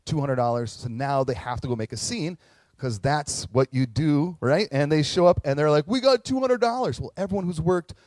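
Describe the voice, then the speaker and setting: Male pastor, lively chatty sermon delivery, dry unreverberant mic. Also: mid-range voice, normal speed, no echo, poor audio. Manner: animated storytelling, conversational asides.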